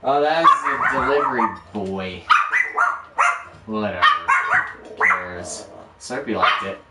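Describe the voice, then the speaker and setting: A man with a lowish voice talks slowly through his game-building steps on a casual stream, ribbing himself as he works. Heavy background noise, a barking dog, roomy echo, and a somewhat distant mic mark the recording.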